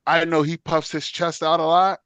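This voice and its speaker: Middle-aged man with a smooth, clear voice. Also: fairly high pitch, level tone, normal speed, a bit bright, dull audio. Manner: loose, conversational, often repeats "you know what I'm saying". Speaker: podcast co-host. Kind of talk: casual chat.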